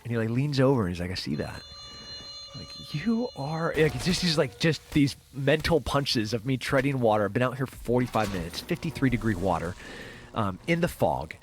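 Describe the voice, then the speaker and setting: A middle-aged man as a guest, telling a personal story in a casual interview, halting with many fillers and restarts. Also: mid-range voice, expressive.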